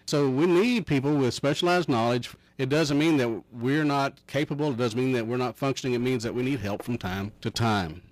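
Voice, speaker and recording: A man's voice: medium pitch, a little fast, hardly any pauses, a little hiss or hum, poor audio. Folksy middle-aged male counselor. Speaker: counselor guest. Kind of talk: casual chat.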